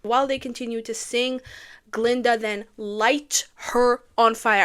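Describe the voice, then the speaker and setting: A young woman with a soprano voice giving casual movie commentary, excitable, dropping to hushed whispers and then bursting out loudly. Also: a little high, a little slow, clean tone. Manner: excitable, swings from hushed whispers to loud outbursts. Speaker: YouTuber.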